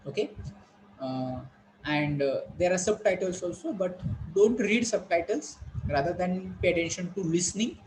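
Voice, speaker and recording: Indian English teacher in a noisy online class. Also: male voice, high-pitched, normal speed, a little mellow. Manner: instructive, repeats words, asks students questions.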